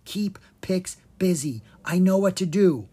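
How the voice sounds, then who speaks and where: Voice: mid-range voice, warm tone, breathy edge, voice pushed up. A reader doing an eight-year-old girl. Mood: determined, coaxing. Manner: questioning, practical, quick to plan. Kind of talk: children's audiobook reading.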